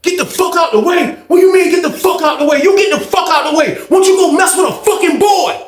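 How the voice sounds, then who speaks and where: A man voicing an angry older male inmate who shouts indignantly and curses. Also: extremely high pitch, a little fast, pitched above the performer's own voice. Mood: furious shouting. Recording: roomy echo.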